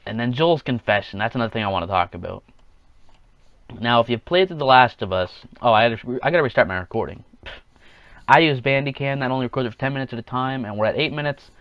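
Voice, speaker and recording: A man's voice: medium pitch, fast, no echo, lo-fi sound. A man hosting a casual solo podcast, rambling along, chuckling at his own jokes and acting out quotes in offhand voices. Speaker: podcast host.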